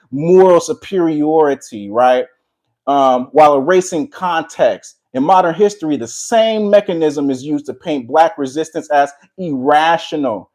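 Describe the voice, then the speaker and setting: Male commentary vlogger, slightly high-pitched, heated and sermon-like, mixing ad-lib with read script. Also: a little mellow. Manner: preachy, combative, repeats "all right". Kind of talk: confrontational monologue mixed with reading prepared text.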